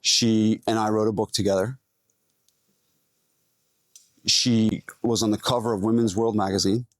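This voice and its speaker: Energetic man presenting to a live audience. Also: fairly low pitch, unhurried, dry recording. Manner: energetic, addresses the audience directly. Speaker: gym owner presenting at a fitness event. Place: event hall stage.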